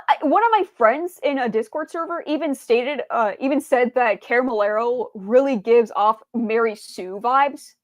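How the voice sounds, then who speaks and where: Rambling woman streamer, slightly high voice. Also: no echo, dull audio. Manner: rambling, with many fillers and restarts; stumbles over words. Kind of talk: casual stream chat.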